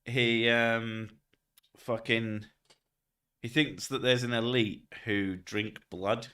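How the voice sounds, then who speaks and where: A man's voice: medium pitch, fairly even intonation, takes it slowly, pushed and bright. Guy rambling on a livestream, swears a lot, laughs, sounds a bit far from the mic. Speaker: streamer. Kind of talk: casual livestream chat.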